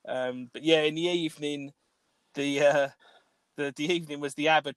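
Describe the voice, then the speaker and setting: A man's voice: on the high side, steady tone, moderate pace, smooth, no room sound. A man, co-hosting a podcast, telling a long rambling story with plenty of swearing, fillers and restarts. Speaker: podcast co-host. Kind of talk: casual storytelling chat.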